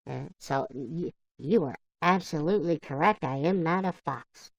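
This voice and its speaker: Low, gravelly woman chatting on a lo-fi stream. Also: dry recording. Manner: rambling, halting, answers viewer comments by name. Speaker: livestream host. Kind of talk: casual live-stream chat with viewers. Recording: dull lo-fi dry sound.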